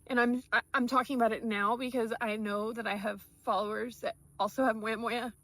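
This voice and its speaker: Woman vlogger, sincere and direct with her followers, voice a bit high, dry recording. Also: steady tone, fairly quick, a bit bright, no room sound. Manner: heartfelt, earnest, speaking directly to followers. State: tearful. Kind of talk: emotional personal vlog.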